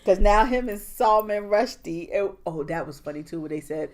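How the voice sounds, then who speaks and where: A woman's voice: mid-range voice, moderate pace. A woman co-hosting a podcast, chatting casually about TV and acting out scenes with lots of laughter. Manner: animated, laughing, acts out scenes from shows. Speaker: podcast co-host.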